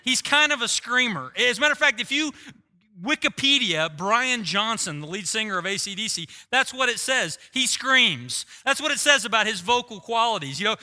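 A middle-aged man delivers a sermon from the pulpit in a high, piercingly bright voice. He tells his story with lively, self-deprecating humor before turning earnest. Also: normal speed. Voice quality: voice likened to a screaming rock singer. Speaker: pastor.

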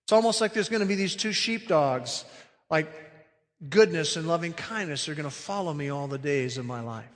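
A man's voice: fairly high pitch, animated, normal speed, long reverb tail. A man preaching a sermon as pastor, earnest and emphatic, stretching out key phrases.

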